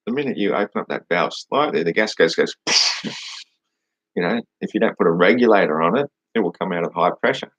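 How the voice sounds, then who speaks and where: A man's voice: deep voice, fairly bright tone, slightly rough, no room sound, dull audio. A man hosting a casual livestream, answering chat questions in a mocking, dismissive way and swearing now and then.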